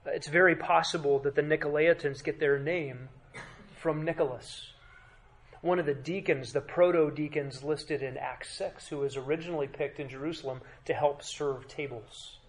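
A male pastor delivering a sermon in a fairly high voice. He preaches with emphasis, sinks to a hush for weight, and puts rhetorical questions to his listeners. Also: steady tone, normal speed. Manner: emphatic preaching with dramatic drops to quiet.

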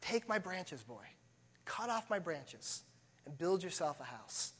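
A man performs a tender, self-giving tree lady from a children's storybook. The voice sits high and gentle and pleads softly. A long hall reverb trails behind each line. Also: sing-song, a little slow, exaggerated voice. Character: loving, giving motherly apple tree, female.

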